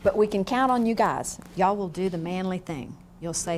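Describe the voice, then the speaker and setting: A woman lecturing a class on grief in a frank, lively way, often asking the room questions. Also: mid-range voice, moderate pace, background noise. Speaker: grief educator. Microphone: on camera, room mic.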